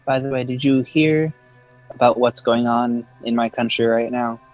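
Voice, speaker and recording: A man's voice: medium pitch, fairly even intonation, moderate pace, dull audio, soft background music. A young man chatting casually while streaming a game, rambling and sarcastic with lots of fillers. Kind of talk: casual commentary while gaming.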